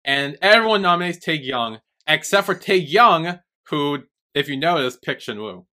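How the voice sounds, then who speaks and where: A man's voice: on the high side, lively intonation, moderate pace, bright, forceful tone. A young man co-hosting a podcast, chatty and retelling scenes with frequent swearing. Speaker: podcast co-host. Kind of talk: casual chat.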